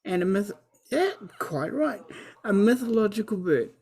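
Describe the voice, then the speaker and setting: A woman voicing Phoenix, an odd, overly polite stranger who jumps up into a squeaky high register in a tabletop game. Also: very animated, moderate pace, darkish tone, husky. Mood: quirky.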